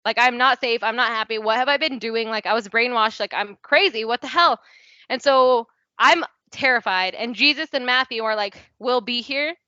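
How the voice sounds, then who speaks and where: Young woman with a bright, animated voice. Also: fairly high pitch, moderate pace, no echo. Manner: chatty and candid, peppers speech with "like" and swearing, acts out quoted dialogue. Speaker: podcast guest. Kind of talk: casual storytelling in a podcast interview. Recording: dry, slightly dull podcast audio.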